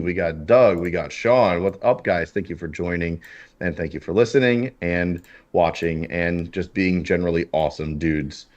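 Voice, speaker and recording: A man hosting a casual car podcast, his voice deep, smooth and husky from a cold, talking in a laid-back way with chuckles and fillers. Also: a little mellow, dull audio. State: sick, husky voice. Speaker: podcast host. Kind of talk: casual chat.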